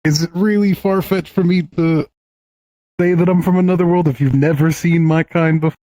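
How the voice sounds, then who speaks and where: A wry man working through his argument as a tabletop game player. His voice sits somewhat high and is recorded close and dry. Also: fairly even intonation, moderate pace, warm tone, no room sound. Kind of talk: in-character tabletop role-play.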